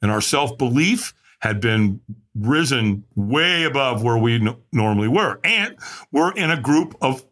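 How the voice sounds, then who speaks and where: An unhurried man with lively intonation and a fairly bright tone tells his story as a podcast guest. He dramatizes quotes with big swings in pitch, keeping the storytelling animated.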